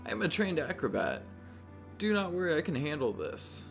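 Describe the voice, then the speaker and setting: Creepy slow jester lady in a game done by a guy, eerie and theatrical, faint music behind. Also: a little high, sing-song, gravelly. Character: creepy jester woman, rhyming acrobat.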